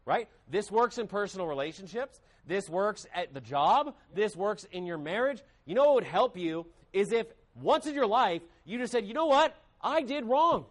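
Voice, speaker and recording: A man's voice: sits high, animated, normal speed, hardly any pauses. A man preaching a sermon with emphasis, acting out quoted voices. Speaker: pastor.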